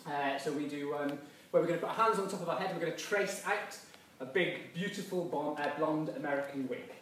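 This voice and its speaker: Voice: medium pitch, brisk, a little hiss or hum. A drama workshop leader teaching a silly group game, giving playful instructions and laughing often. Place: large hall with a group. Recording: very echoey hall, mic far off, loud crowd.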